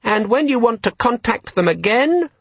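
A man's voice: very high-pitched, expressive, moderate pace, fairly bright tone, breathy edge, no echo, pitched above the performer's own voice, exaggerated voice. A man voicing an eager tiny demon living in a pocket gadget, talking in a chirpy, hopeful way with little beeps.

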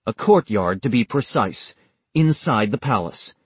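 Male audiobook narrator, husky and dry, steady measured read. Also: mid-range voice, dry recording. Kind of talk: scripted narration.

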